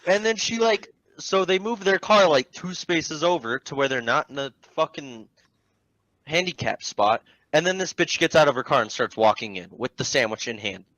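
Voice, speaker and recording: Profane, animated young man ranting. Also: normal speed, no room sound, dull audio. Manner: animated, profane, mimics customers in a low mocking voice. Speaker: storyteller among friends. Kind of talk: casual ranting story.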